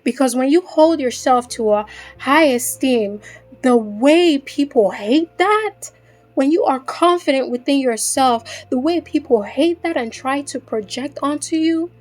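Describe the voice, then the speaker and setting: A woman with a fairly high voice talks straight to her female listeners in a faceless vlog. She is earnest and repetitive, stacking up phrases for emphasis. Her encouraging tone rests on her faith. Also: expressive, unhurried, a little mellow, soft background music. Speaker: faceless vlogger speaking to women. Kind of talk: heartfelt motivational chat.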